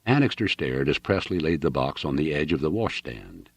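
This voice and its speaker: A man's voice: extremely low pitch, sing-song, moderate pace, hardly any pauses, husky, dry recording. A man reading a novel aloud with dramatic, varied storytelling. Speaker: audiobook reader. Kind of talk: novel narration.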